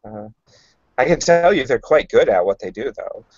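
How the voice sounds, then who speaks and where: A man playing in a casual tabletop role-play, speaking in a calm, measured way. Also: mid-range voice, slightly rough, no room sound. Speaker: player. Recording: dull lo-fi recording.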